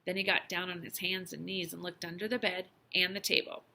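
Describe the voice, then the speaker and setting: A woman teacher reading a children's novel aloud, with expressive storytelling and lively emphasis. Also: fairly low pitch, fairly quick, creaky, slight background noise.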